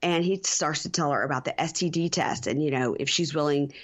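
Chatty, wry woman with a lowish voice. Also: brisk. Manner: chatty storyteller retelling scenes with wry asides. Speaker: podcast co-host. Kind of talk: casual reality-TV recap chat.

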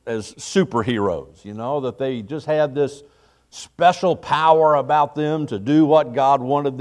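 A man's voice: fairly high pitch, darkish tone. A middle-aged man, a pastor, preaching a morning sermon in a folksy, conversational way, acting out little quotes.

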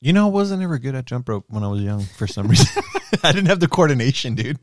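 A man's voice: mid-range voice, very animated, fast, dry recording, clean studio sound. A young man co-hosting a casual live stream chat, swearing freely and laughing often. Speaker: stream co-host.

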